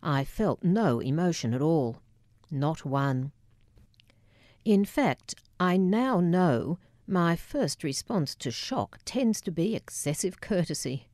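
A woman narrates her memoir in a measured, wry way. Her voice sits low and mellow. It is recorded dry and close, with no room sound. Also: lively intonation, dry recording.

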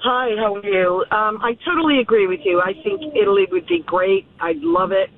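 A woman's voice: medium pitch, very animated, normal speed. A woman calling in to a radio show, chatting in a friendly, agreeable way. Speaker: radio caller. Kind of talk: casual call-in chat. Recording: phone line with faint noise.

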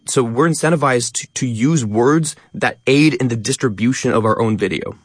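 A man talking quickly as a guest in a radio interview, stressing many of his words. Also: medium pitch, no room sound. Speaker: guest, educational content creator.

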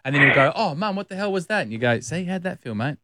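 A man's voice: a little high, lively intonation, fast, noisy background. A man with an Australian accent co-hosting a radio show, cheeky and playful, joking around. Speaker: radio co-host. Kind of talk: casual radio banter.

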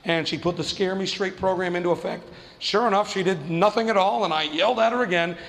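High-voiced profane stand-up comic man. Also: fast talker, a bit bright, big-room sound. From New Mexico. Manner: profane, self-mocking, acts out voices. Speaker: stand-up comedian. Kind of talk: stand-up storytelling.

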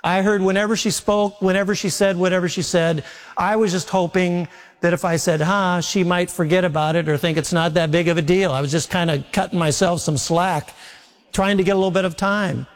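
A man preaching a sermon with homespun stories, slowing down to lean on scripture. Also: sits high, fairly even intonation. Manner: folksy storytelling preacher, slows down for scripture. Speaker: pastor.

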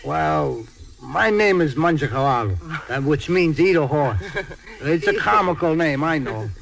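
A man's voice: on the high side, animated, a little slow, creaky, a bit bright, heavily acted. An actor playing an emotional truck driver man who stammers and pleads. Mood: confiding. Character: tearful hot-tempered Italian-American truck driver man. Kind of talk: stage or film drama acting.

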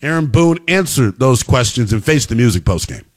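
A man hosting a sports talk radio show, delivering an emphatic monologue that rises to shouting at its peaks. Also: medium pitch, sing-song, moderate pace.

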